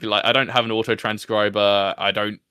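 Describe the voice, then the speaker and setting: A man's voice: fairly low pitch, level tone, brisk, pushed and bright, clear, resonant tone, no echo, clean studio sound. A man, the host of a podcast, chatting casually about his show, self-deprecating and laughing often. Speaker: podcast host being interviewed. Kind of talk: casual chat.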